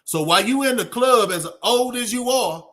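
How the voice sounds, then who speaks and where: A man's voice: very high voice, lively intonation, normal speed, fairly bright tone. A middle-aged man giving an off-the-cuff motivational talk in a streetwise preaching way, rambling with fillers. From Texas. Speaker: channel host.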